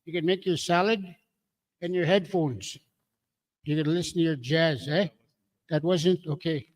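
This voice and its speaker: A man emceeing a community meeting, calling out draw numbers slowly with jokes. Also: a little high. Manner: jokey, drawn-out number calling.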